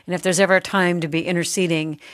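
Woman, talk show host, encouraging, lowish voice, dry close sound. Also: flat delivery, fast, no room sound. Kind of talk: Christian radio talk show.

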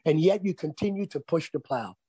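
Male pastor guest, fairly high for a man, husky and warm, sermon cadence on talk radio. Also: lively intonation, dry recording. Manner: emphatic, preacher-like cadence, drawn-out stressed phrases. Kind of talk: preaching on a radio talk show.

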